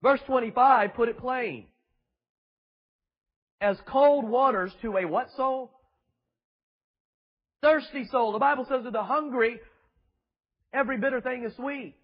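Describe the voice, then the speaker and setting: A man's voice: very high-pitched, husky, lo-fi sound. A man preaching a fiery sermon to a congregation, emphatic and full of rhetorical questions and mocking asides. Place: church before a congregation.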